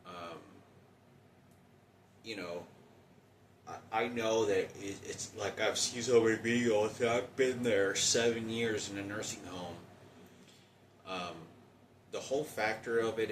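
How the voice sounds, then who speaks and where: A man in his forties talking in a halting, rambling personal monologue with many restarts. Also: fairly low pitch, roomy sound, distant mic, a little hiss or hum, poor audio. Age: 40s.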